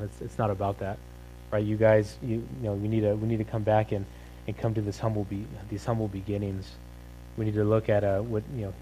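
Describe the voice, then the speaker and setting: A man's voice: lowish voice, warm tone, slight background noise, poor audio. A man preaching a casual, conversational sermon, peppering his talk with "right?" and "like". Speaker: pastor.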